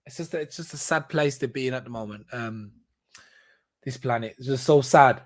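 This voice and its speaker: A man chats alone on his podcast in a loose, unscripted way. His voice sits at an ordinary middle pitch. He stumbles through restarts and fillers and breaks into laughter often. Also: lively intonation, a little fast, a little mellow. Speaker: podcast host. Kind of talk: casual solo commentary.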